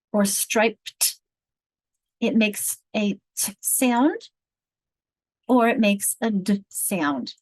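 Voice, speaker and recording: In a rough, low-quality recording with no room echo, a woman with a medium-pitched voice leads teachers through a reading workshop. As a literacy trainer, she explains things patiently, counts words out loud, and poses rhetorical questions to check understanding.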